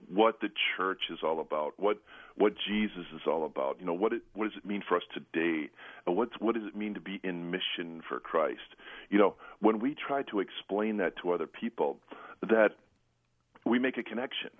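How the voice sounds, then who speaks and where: A priest recovering from the flu talks earnestly on a call-in radio show, his voice hoarse and gravelly, full of restarts and "you know.". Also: no echo. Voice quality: deep and gravelly. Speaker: priest, spiritual director. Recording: dry, tinny phone-line sound.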